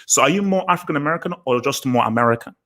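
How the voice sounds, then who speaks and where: A man's voice: medium pitch, animated, rapid-fire, a bit bright. A man hosting a casual panel discussion, putting questions to the guests. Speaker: host.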